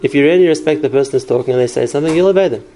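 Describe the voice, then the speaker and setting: A man's voice: fairly high pitch, racing, dark tone, slight background noise, low-quality recording. A man teaching a class on parenting, explaining through stories and examples and answering questions.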